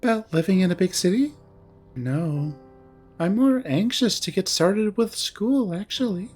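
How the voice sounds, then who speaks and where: A man voicing a confident young woman about to leave home for college, speaking softly and a little wistfully in a visual novel read-aloud. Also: high-pitched, expressive, measured pace, soft background music, voice pushed up.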